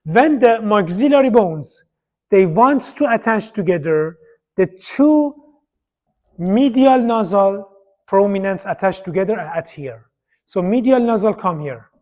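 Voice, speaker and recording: Male lecturer, high voice, repeats key terms while pointing at slides. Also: expressive, unhurried, darkish tone. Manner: repetitive, pointing at slides, non-native phrasing. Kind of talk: university lecture.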